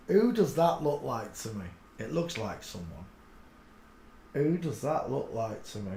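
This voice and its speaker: A man hosting a solo livestream, talking to himself in a blunt, crude way and swinging from low muttering to loud excited outbursts. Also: unhurried, gravelly, roomy sound. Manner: mutters under his breath, then bursts out loud and excited; blunt and crude, talks to himself while searching images. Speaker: livestream host. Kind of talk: rambling solo livestream commentary.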